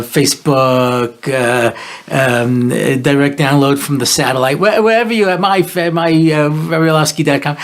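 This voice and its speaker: A man in his sixties hosting a talk show, telling jokes and stories with deadpan punchlines. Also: fairly high pitch. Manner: joking, deadpan punchlines, playful storytelling. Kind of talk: comedic talk show monologue.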